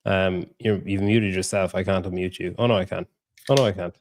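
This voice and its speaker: A man's voice: low voice, steady tone, a little fast, a little hiss or hum. A man hosting a casual podcast, joking and rambling with plenty of fillers. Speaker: podcast host. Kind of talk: casual chat.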